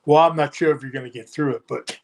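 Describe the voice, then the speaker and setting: An older man chatting casually, teasing dryly with halting restarts. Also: a little high, fairly even intonation, a little mellow. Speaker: guest. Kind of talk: casual chat.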